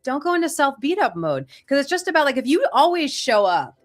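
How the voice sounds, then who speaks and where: A woman's voice: high voice, big pitch swings, brisk. A middle-aged woman, an acting career coach and podcast guest, telling stories with energy and emphasis in a casual chat.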